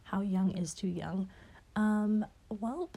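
A young woman answering questions in a casual chat, hesitant and rambling with many fillers and soft laughs, her voice a bit stuffy as if she has a cold. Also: medium pitch, slow pace, gravelly, slightly rough. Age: young adult.

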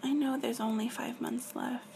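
Soft whispering woman, whispered role-play. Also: a little high, steady tone, moderate pace, creaky, background noise. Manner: soft, affectionate, often dropping to a whisper. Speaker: ASMR role-play girlfriend on a video call.

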